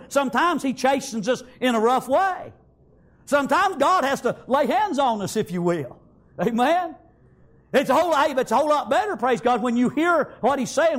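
A preacher with a drawl delivers a sermon in an unusually high voice. He reads a passage aloud, stops to explain it, and checks in with his listeners by asking "Amen?" again and again. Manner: reading a text aloud and explaining it, with frequent "Amen?".

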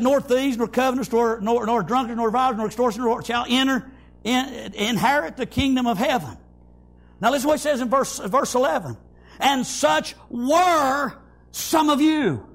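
Male preacher, very high-pitched, fiery sermon delivery, shouts in bursts, rhythmic amens. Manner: shouting, rhythmic, repeats praise God and amen.

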